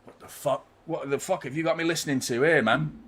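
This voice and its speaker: Bloke doing live footy watchalong commentary, chatty fan, swears a lot, voice a bit high. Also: male voice, brisk, fairly bright tone, breathy edge. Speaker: football watchalong host.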